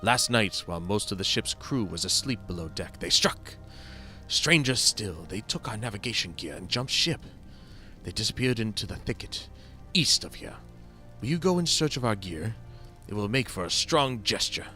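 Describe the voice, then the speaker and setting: A man voicing a stern male naval admiral in a formal, measured way as he reads game dialogue aloud. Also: lowish voice, lively intonation, pushed and bright, faint music behind.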